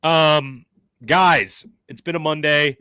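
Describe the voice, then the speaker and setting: A man's voice: fairly high pitch, slow, bright, forceful tone, clean tone, no echo. A young man co-hosting a podcast, chatting casually and tripping over his words. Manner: rambling, trips over words. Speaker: podcast co-host. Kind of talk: casual chat.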